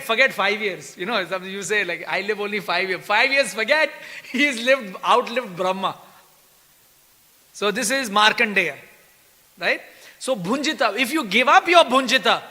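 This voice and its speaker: A man giving a scripture class in an animated way, laughing and acting out quoted pleas. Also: high voice, moderate pace. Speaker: temple speaker. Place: temple hall. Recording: long hall reverb.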